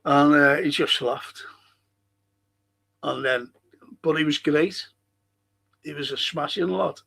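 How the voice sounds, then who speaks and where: Older Scouse man hosting a fan podcast live. Rambling, swears a lot, voice sits slightly high. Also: takes it slowly, gravelly, a bit bright. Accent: Liverpool (Scouse). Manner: rambling, swears freely, reads out chat comments. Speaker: podcast host. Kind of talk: casual live-stream chat.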